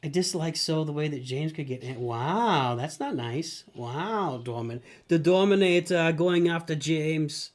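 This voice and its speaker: Middle-aged male streamer, slightly high voice, chatty play-by-play, sudden excited yells. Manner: talks about himself in third person, excitable outbursts. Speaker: streamer host. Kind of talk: live gameplay commentary.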